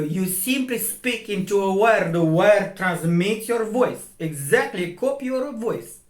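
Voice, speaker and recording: Halting man explaining in a roomy space. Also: sits high, fairly bright tone. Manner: halting, repetitive, restarts words often; demonstrates vowel and consonant sounds aloud. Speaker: video channel host. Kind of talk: rambling monologue explanation. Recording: roomy echo.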